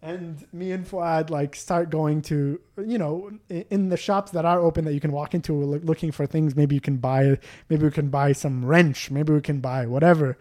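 A man telling a casual, animated story among friends, swearing freely and acting out what people said. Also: fairly high pitch, normal speed, hardly any pauses. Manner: animated, swearing, acts out quotes. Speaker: storyteller guest.

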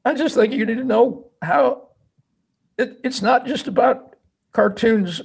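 A young army veteran fighting back tears , voiced by a man retelling the story. He speaks in halting, repeated bursts with plain folksy grammar. His voice sits noticeably higher than the storyteller's own and strains as it rises. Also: gravelly, darkish tone, slightly rough, exaggerated voice. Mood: choked up. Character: tearful young male army veteran, choked up.

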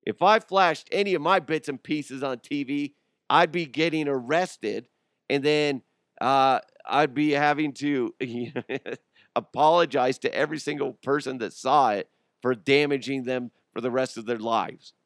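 A man's voice: mid-range voice, unhurried, fairly bright tone, dry recording, studio quality. A young adult man hosting a podcast, riffing and joking in a casual comedic monologue, often laughing and putting on voices. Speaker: podcast host.

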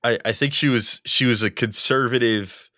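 A young man co-hosting a casual podcast chat, halting and full of ums and uhs, chuckling often. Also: mid-range voice, pushed and bright. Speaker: podcast co-host.

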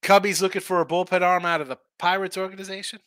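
A man's voice: sits high, flat delivery, fast talker, pushed and bright, smooth, no room sound. A man hosting a sports betting show, talking casually and rambling through opinionated takes full of rhetorical questions.

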